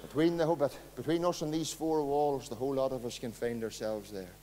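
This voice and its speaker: A man preaching a sermon as pastor, swinging between loud impassioned passages and quiet low ones. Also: steady tone, fairly quick, slight background noise. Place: church hall. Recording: long hall reverb.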